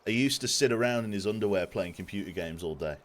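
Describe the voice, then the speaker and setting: A man's voice: fairly low pitch, fast talker. A man in his twenties chatting casually on a live game stream, jokey and self-deprecating, swearing casually. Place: home room. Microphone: desk microphone.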